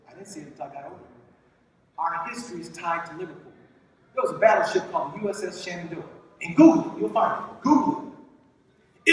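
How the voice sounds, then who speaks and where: A man giving an animated motivational speech at a conference, calling out to the crowd and repeating phrases in a preacher-like way. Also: high voice. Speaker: conference speaker. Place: large conference hall. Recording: echoey hall from far off, faint noise.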